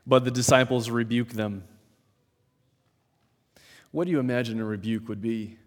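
A man preaching a sermon in a measured, emphatic way, with dramatic pauses, in a large church hall. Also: medium pitch, fairly even intonation. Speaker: pastor. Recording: long hall reverb.

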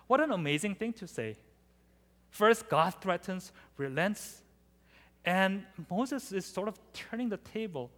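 High, bright-voiced preacher in a reverberant hall. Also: male voice, measured pace. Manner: animated, acts out scripture quotes. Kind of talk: sermon.

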